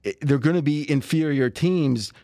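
A man's voice: on the high side, normal speed, mellow, dry recording. Dry-voiced chatty male sports host. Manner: chatty, laughs often, restarts phrases. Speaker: sports betting podcast host. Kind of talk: casual sports chat.

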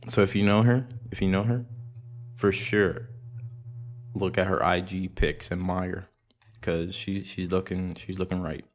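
Laid-back young man with a low voice. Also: little pitch movement, measured pace. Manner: rambling, profane, laid-back slang. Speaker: podcast host. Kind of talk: casual solo podcast chat. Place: room at home with audible room echo.

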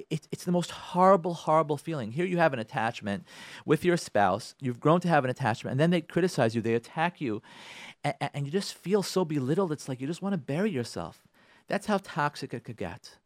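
A rabbi holding forth on his radio show, his pitch swooping up and down with lively energy. He sits a little high for a man and hammers his points by repeating phrases. The sound is close and dry. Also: fairly quick, no room sound. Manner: emphatic, repeats key phrases for stress. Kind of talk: radio talk on Torah and marriage.

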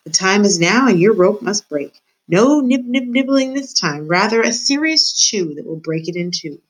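A woman voicing a polite but vengeful male rat who speaks in a smooth, courtly way, often in a whisper. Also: mid-range voice, animated, moderate pace, natural voice, poor audio. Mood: scheming whisper.

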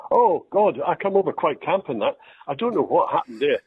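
An older Scottish man, an actor, telling self-deprecating stories in a relaxed interview. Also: on the high side, fairly quick. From Scotland. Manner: storytelling, self-deprecating, quotes others in lively voices. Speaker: actor guest. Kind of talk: anecdotal interview chat. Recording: dry tinny phone-like line.

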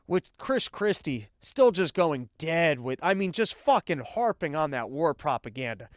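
A man's voice: on the high side, sing-song, measured pace, hardly any pauses, dry recording, studio quality. Sarcastic man hosting a political podcast. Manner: irreverent, sarcastic, rambling. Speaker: podcast host. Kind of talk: casual political commentary.

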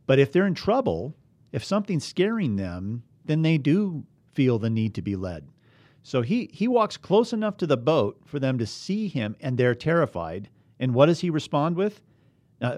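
A man's voice: mid-range voice, big pitch swings, moderate pace, darkish tone. An earnest man leads a bible study, reading scripture aloud and pressing his listeners with questions. His voice sits in an ordinary middle range. The sound is dry and close, with no room echo.

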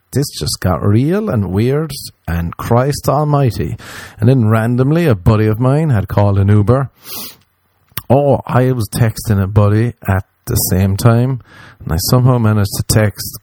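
Rambling low-voiced man telling a story. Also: no echo. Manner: rambling, profane, animated quoting of himself. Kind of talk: casual storytelling monologue.

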